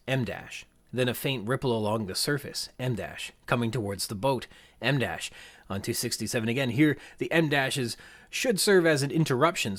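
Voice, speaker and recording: Lively man reading and analyzing a novel. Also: medium pitch. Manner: reads passages aloud, then comments. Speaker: podcast host.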